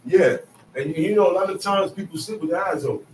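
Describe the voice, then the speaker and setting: Man teaching scripture, high voice, emphatic, repeats himself, roomy echo, distant mic. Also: fast talker, slight background noise. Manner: emphatic, conversational, repeats phrases. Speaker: bible teacher. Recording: echoey room, mic at a distance.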